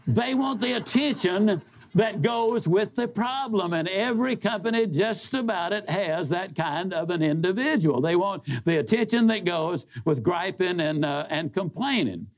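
A man with a high speaking voice tells a story to an audience as a motivational speaker. He talks in a folksy, emphatic way, dropping low for punchlines and rising for emphasis. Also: animated, moderate pace. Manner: folksy, emphatic, big swings in pitch.

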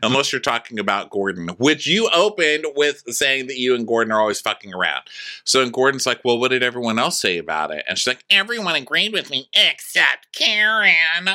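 A man co-hosts a podcast in loose, chatty recap mode. His voice is very bright and sharp, and he keeps sliding into sarcastic high-pitched impressions of the people he talks about. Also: lively intonation, fast. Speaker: podcast co-host. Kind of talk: casual recap chat.

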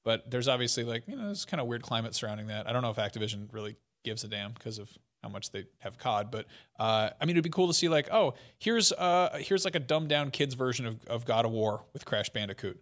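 A man's voice: mid-range voice, lively intonation, brisk, hardly any pauses, a bit bright. A man co-hosting a podcast in casual chat, loose, rambling and joking. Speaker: podcast co-host.

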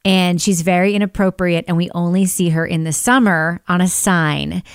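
A woman's voice: lowish voice, fairly even intonation, moderate pace, smooth, no room sound, studio quality. Playful woman hosting a podcast. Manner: playful, teasing, laughs easily. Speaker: podcast host. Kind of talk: casual podcast chat.

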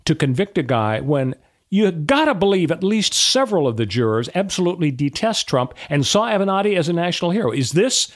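A man's voice: a little high, sing-song, a little fast. A middle-aged man hosting a casual political talk show, full of sarcastic mock-surprised asides. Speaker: podcast host.

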